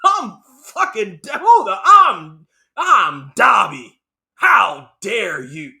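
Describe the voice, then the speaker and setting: A man voicing a small, defiant male house-elf who shouts in slow, drawn-out indignation. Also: high voice, big pitch swings, creaky, full character voice.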